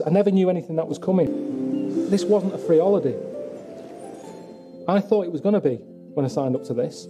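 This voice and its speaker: Grumbling deadpan man, slightly high voice. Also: a little fast, long pauses. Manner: glum, grumbling, deadpan complaints. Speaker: travelling presenter. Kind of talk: documentary monologue and chat. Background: music.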